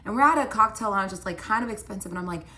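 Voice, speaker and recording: A woman's voice: medium pitch, rapid-fire, sharp tone. A young woman casually telling a personal story, chatty and full of "like" fillers. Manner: chatty, many "like" fillers, upset retelling.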